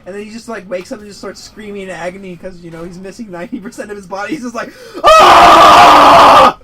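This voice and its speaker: A man's voice: sits high, steady tone, very fast, very noisy. A young man chatting casually as a podcast co-host, rambling, swearing and laughing often while he games. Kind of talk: casual gaming chat.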